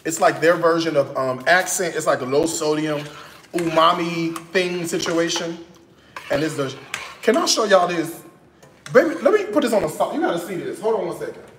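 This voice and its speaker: A man's voice: a little high, lively intonation, moderate pace, echoey room, noisy background. A man from Chicago, chatting playfully to viewers as he cooks in his kitchen. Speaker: home cooking vlogger. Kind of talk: casual cooking vlog chat.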